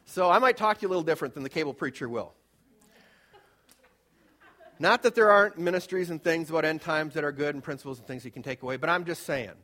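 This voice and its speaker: Male pastor, sermon, conversational and emphatic, slightly high voice. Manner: conversational, emphatic preaching with swings from loud to hushed.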